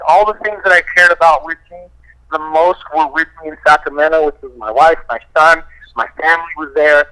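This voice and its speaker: A man, a fighter guest, casually telling profane, animated stories full of quoted dialogue. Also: a little high, quick pace, poor audio. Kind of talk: casual storytelling.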